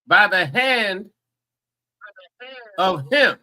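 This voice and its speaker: A man in a class reading a scripture verse aloud, slowly and carefully, word by word. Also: high-pitched, animated, sharp tone. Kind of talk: halting read-aloud.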